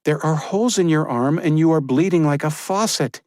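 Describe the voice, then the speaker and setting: A man's voice: a little high, moderate pace, darkish tone, no room sound, studio quality, voice pushed up, close to an everyday voice. A man voicing a fierce, caring young woman. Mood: urgent, teasing. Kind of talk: audiobook character reading.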